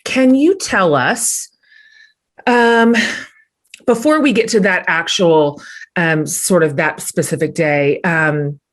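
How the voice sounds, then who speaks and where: A woman in her forties from Oklahoma, a podcast host who gently prompts her guest and offers frequent soft affirmations. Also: fairly low pitch, slow pace. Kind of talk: interview conversation.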